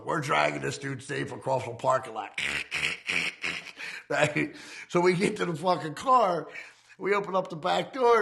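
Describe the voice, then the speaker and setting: Rough-voiced man, heavy fry, rambling and foul-mouthed as he tells a story. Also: mid-range voice, fairly bright tone. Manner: profane, rambling, laughs while telling. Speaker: ex-convict telling his story. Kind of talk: casual storytelling.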